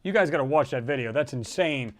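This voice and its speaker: A man hosting a casual livestream, rambling and animated as he reads out viewer comments and reacts to them. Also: mid-range voice, fairly quick. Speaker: livestream host.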